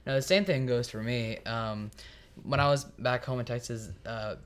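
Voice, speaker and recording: A man's voice: medium pitch, fairly even intonation, moderate pace, fairly bright tone, clear, resonant tone. A teenage boy, a podcast guest, telling a story casually and acting out the voices. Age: teens.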